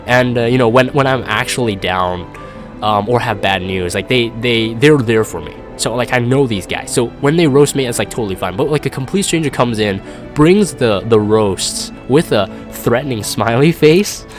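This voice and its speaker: A man's voice: mid-range voice, normal speed, faint music behind. A young man chatting casually as a gaming YouTuber, rambling and self-deprecating while reading live comments.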